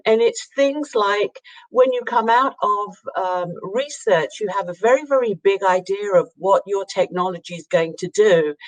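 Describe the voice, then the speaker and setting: A woman's voice: medium pitch, rough recording. A woman with a British accent, an executive director presenting her nonprofit in a friendly, explanatory way. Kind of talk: online presentation.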